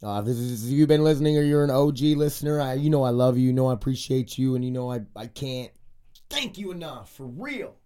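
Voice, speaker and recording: A man's voice: mid-range voice, quick pace, dark tone, smooth. Congested, profane American man in his forties. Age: 40s. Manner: profane, rambling, ranting. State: congested, stuffy from a cold. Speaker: podcast host. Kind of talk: casual podcast monologue.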